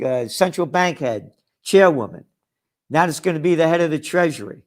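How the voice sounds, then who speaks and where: A man delivering a combative, sarcastic rant promoting his trends magazine, full of mocking asides. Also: high-pitched. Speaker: trends forecaster and publisher. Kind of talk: ranting promo monologue.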